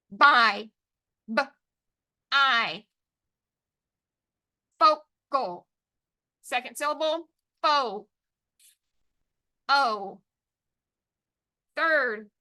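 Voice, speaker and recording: A woman with a high, bright voice teaches a spelling lesson over a video call. She talks at an unhurried pace and draws out each syllable and letter as she dictates.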